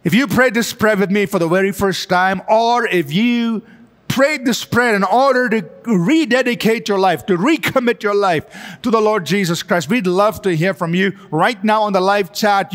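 A man with a high voice preaches a sermon from a church sanctuary. He stretches his phrases slowly and lifts them for emphasis. The sound carries the long reverb of a large hall. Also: a bit bright. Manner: slow, drawn-out preaching with emphatic rises. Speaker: pastor. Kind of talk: sermon with altar call prayer.

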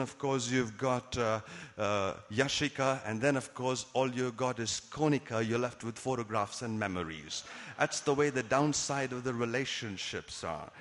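A man's voice: mid-range voice, in a large hall. A man preaching a sermon, telling dramatic stories and posing rhetorical questions to his congregation.

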